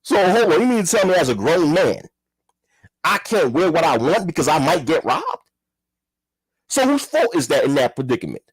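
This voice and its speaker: A man's voice: fairly high pitch, very animated, normal speed, slightly rough, no echo. A man giving a heated, profane commentary rant, repeating himself and firing rhetorical questions. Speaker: commentary vlogger. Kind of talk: ranting commentary.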